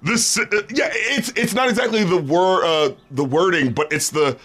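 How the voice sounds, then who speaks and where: Bright-voiced animated man reviewing albums. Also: sits high, normal speed. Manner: animated, laughing, swearing, acts out quotes. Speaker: podcast co-host. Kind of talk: casual album review chat.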